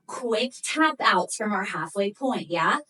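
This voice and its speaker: A woman's voice: mid-range voice, expressive, slow pace, bright, forceful tone. A woman leading a Pilates workout, coaching and counting down reps while exercising and breathing hard. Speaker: Pilates instructor. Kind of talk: workout instruction. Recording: distant from the mic.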